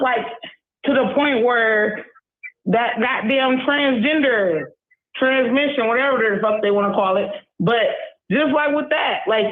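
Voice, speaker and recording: A woman calling in to a show, ranting in a heated, profane, rambling way full of fillers. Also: fairly high pitch. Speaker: caller. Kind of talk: casual call-in rant. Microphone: phone. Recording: tinny phone line, echoey.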